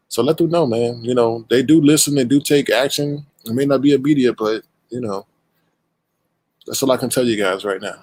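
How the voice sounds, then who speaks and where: Husky-voiced man greeting his stream chat. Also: medium pitch, no echo, rough recording. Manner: playful, animated shout-outs with drawn-out greetings. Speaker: show host and creator. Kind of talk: casual livestream chat, greeting viewers.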